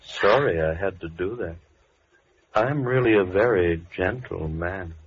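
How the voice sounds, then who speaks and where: A quiet, sinister recluse with slow, chilling politeness. Low voice, 1940s radio play, dull old broadcast sound. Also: male voice, very noisy. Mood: menacing calm. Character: soft-spoken menacing lonely male recluse. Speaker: villain.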